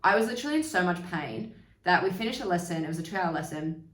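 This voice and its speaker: A young woman tells a candid personal story in a casual, chatty way, slipping in swear words and acting out what people said. Her voice sits a little low. She sounds set back from the mic in a roomy space. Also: expressive, quick pace, distant mic. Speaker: podcast host.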